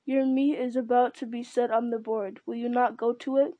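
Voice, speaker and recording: Wheedling, fawning male counselor, read by a woman, pitched a touch high, dry sound. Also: level tone, normal speed, mellow, no echo, lightly acted, rough recording. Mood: sly. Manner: wheedling, whining.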